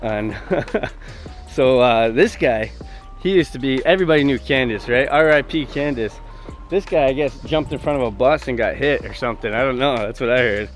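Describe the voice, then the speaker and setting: A man's voice: medium pitch, normal speed, soft background music. A man telling stories in a casual, rambling, profane way full of fillers, recorded outdoors by the sea. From Hamilton, Ontario, Canada. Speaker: vlogger. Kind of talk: casual storytelling.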